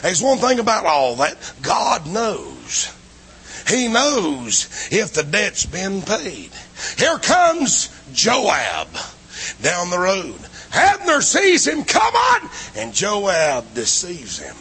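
A man preaching a revival sermon in a church, swinging between shouting and low, hushed lines. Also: huge pitch swings, very slow, slightly rough. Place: church building.

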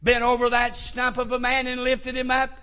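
A man preaching a sermon, telling stories and rising to shouted fervor. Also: very high-pitched, monotone, moderate pace. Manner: rises to shouted fervor in quoted lines. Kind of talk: sermon storytelling.

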